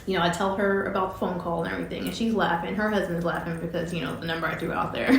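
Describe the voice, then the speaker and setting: A woman's voice: on the low side, steady tone, quick pace, gravelly, few pauses, a bit bright. A woman casually telling a personal story, chatty and often laughing as she recounts conversations. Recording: roomy echo with faint ambience.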